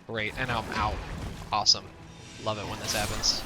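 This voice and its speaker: A man's voice: on the low side, little pitch movement, moderate pace. A man giving casual gameplay commentary, grumbling and easily frustrated as things go wrong. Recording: game music behind voice.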